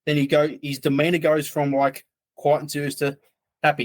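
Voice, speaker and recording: A man's voice: fairly high pitch, little pitch movement, normal speed. A man, a podcast guest telling a story in a loose, rambling way. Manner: rambling, loose, full of "like" asides. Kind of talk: casual storytelling.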